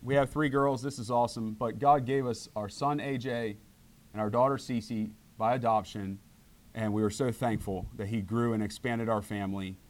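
A middle-aged man preaching a sermon to his church, animated and acting out voices when he quotes people. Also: medium pitch, normal speed. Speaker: pastor.

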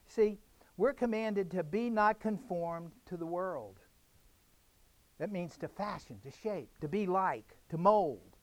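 A man's voice: high-pitched, animated, measured pace, a bit bright, no echo. A man preaching a sermon, emphatic and direct, repeating phrases for effect. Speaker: pastor.

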